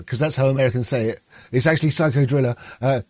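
A man's voice: mid-range voice, fast talker, darkish tone, no room sound, lo-fi sound. A man hosting a livestream in casual, crude, rambling chat. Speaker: livestream host.

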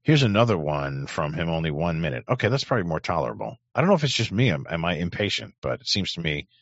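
A man's voice: sits low, big pitch swings, fast talker, fairly bright tone, dry recording. A man hosting an online radio show, reacting bluntly and crudely to clips and often repeating himself. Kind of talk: casual reaction commentary. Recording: dry, dull lo-fi mic.

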